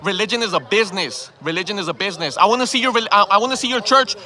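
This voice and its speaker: A man with a high-pitched voice speaks at a racing pace in a sharp tone. He confronts people in a heated outdoor argument, firing repeated questions and swearing. He films it himself, so his handheld phone camera picks up the audio.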